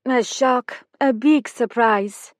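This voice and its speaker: A woman voicing an anxious Bulgarian kitchen worker, halting and hesitant, with a Bulgarian accent. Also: a little high, dry recording, studio quality, pitched above the performer's own voice.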